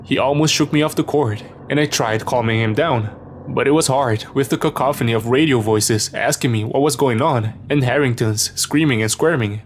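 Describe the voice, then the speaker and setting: A man reading a scripted first-person horror story as narrator, in a steady storytelling manner. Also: mid-range voice, normal speed, slight background noise.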